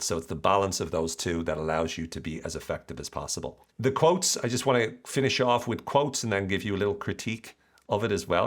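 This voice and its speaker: A man hosting his own podcast, explaining ideas in a casual, animated monologue with self-deprecating asides. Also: deep voice. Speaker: podcast host.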